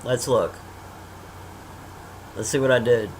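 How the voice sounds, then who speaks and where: A woman casually recapping a movie for viewers in an animated, slangy, blunt way, full of fillers and exclamations, talking at a computer while sharing her screen. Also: extremely low pitch, slow pace, a little hiss or hum, rough recording. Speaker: movie reviewer. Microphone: screen-sharing at a computer, desk mic.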